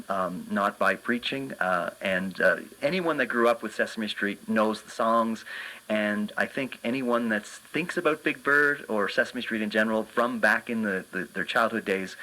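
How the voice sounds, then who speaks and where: A man with a lowish voice and a bright, forceful edge, a children's magician telling his stories as a guest on a radio interview. He talks earnestly and with enthusiasm, often filling pauses with "uh" and "you know.". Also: poor audio. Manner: earnest and enthusiastic, many fillers.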